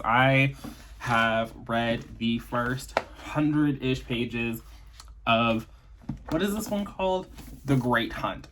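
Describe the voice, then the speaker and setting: A man's voice: mid-range voice, fairly bright tone, slight background noise. A man vlogging casually about a book he is reading, with sarcastic, chatty remarks and loose fillers. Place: in a vehicle on the way to work.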